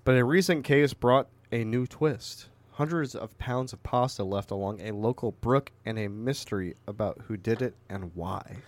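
A man's voice: medium pitch, normal speed, few pauses, dry recording. A young man co-hosting a podcast, chatting bluntly with lots of swearing and reading news stories aloud. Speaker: podcast co-host. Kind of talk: casual chat.

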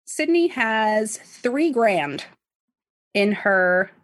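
A woman's voice: medium pitch, lively intonation, extremely slow. A woman casually recapping a story to a co-host, chatty, full of fillers and swearing. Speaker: podcast host recapping a book. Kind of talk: casual chat.

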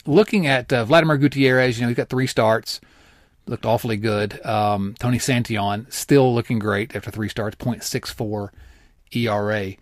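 A man's voice: mid-range voice, normal speed, no room sound, studio quality. A man co-hosting a casual sports podcast, rambling with fillers and teasing his partner. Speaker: podcast co-host.

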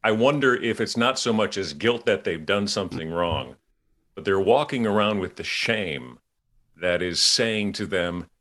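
A man's voice: on the low side, lively intonation, unhurried, fairly bright tone. A man hosting a casual faith conversation, earnest and rambling, with frequent restarts and easy laughter.

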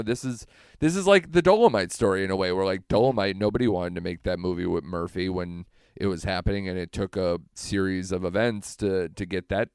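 A man hosting a film podcast, chatting casually in a rambling way with quick asides. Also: sits low, darkish tone, smooth, dry recording, studio quality. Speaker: podcast host.

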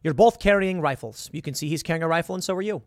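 A man's voice: fairly high pitch, fast, dry recording, clean studio sound. A man talking the listener through a hypothetical scenario, earnest and full of rhetorical questions. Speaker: commentator. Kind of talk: casual monologue with hypotheticals.

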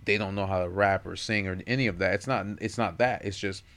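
A man in his thirties with a very low voice, chatting casually as a podcast co-host. He tells stories with energy and slips into the voices of the people he quotes. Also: a little fast, clean tone. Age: 30s. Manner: animated storyteller, acts out quotes. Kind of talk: casual chat.

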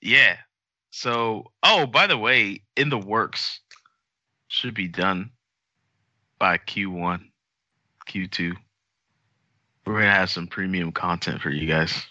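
A man's voice: deep voice, takes it slowly, pauses often, sharp tone, no echo, highs cut off. A man hosting a podcast in loose, joking banter, often laughing. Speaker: podcast host.

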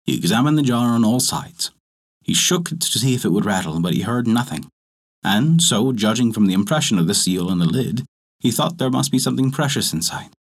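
Husky, expressive male storyteller. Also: medium pitch, fairly quick. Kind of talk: storybook narration.

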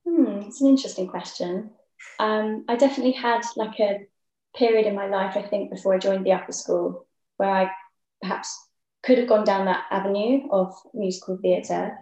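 A young woman, a ballet dancer, talking thoughtfully in a casual interview with many pauses and ums. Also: medium pitch, steady tone, warm tone, lo-fi sound. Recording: echoey room.

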